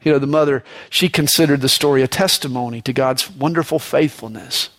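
A man preaching a sermon in a conversational way, often adding "you know", raising his voice for emphasis and dropping it low and slow on solemn points. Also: a bit bright.

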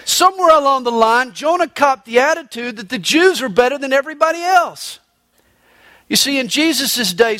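This emphatic preacher has a high, sharp voice, recorded without echo. His sermon weaves stories and scripture quotations, and he tells a joke by voicing its characters.

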